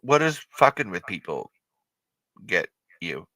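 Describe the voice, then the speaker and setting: Dude hosting a podcast, swears constantly, laughs a lot, bright voice, dry close sound. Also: male voice, mid-range voice, measured pace, no room sound. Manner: animated, profane, laughs often, rambling restarts. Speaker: podcast host. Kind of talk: casual podcast chat.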